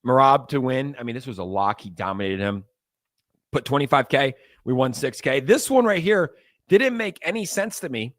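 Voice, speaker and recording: A young man hosting a crypto livestream, talking to viewers in a loose, animated, ranting way. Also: mid-range voice, moderate pace. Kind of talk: casual livestream talk.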